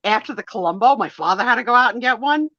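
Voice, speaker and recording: A woman's voice: on the high side, animated, fast talker, bright, forceful tone, dry recording. A woman hosting a live online photo sale, chatting playfully and loosely with lots of fillers. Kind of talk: casual chat. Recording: dull lo-fi online stream audio.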